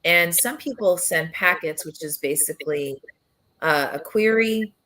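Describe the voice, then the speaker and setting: A woman hosting a casual live chat as a press founder, her voice husky and worn from travel, chatty and relaxed with many fillers. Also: lowish voice, measured pace, a little hiss or hum, rough recording. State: low husky voice from travel fatigue. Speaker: founder and executive editor of a press, host.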